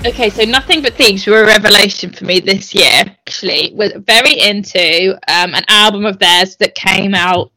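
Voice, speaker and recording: A woman's voice: medium pitch, normal speed, few pauses, bright, forceful tone, dry recording, low-quality recording. A woman co-hosting a podcast in casual chat, chatty and enthusiastic, laughing easily. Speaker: podcast co-host.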